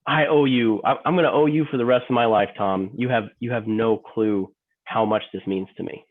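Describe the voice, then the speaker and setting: A man's voice: medium pitch, fairly quick, voice pushed down, close to an everyday voice. A man playing an emotional office worker in a training role-play, stammering, repeating himself and apologizing over and over. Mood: grateful. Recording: tinny phone-like line.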